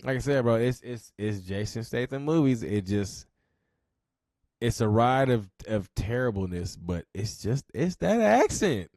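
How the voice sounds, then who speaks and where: A man's voice: lowish voice, a little slow, darkish tone, dry recording. A man hosting a podcast, giving casual, laid-back reaction commentary, cursing and laughing a lot. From Southern California. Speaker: podcast host reacting to a clip.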